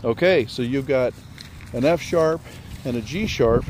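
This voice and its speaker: A man's voice: mid-range voice, a little slow, slight background noise. Slightly breathless man teaching music theory outdoors. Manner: explains step by step, rambling and relaxed. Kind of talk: casual spoken theory lesson.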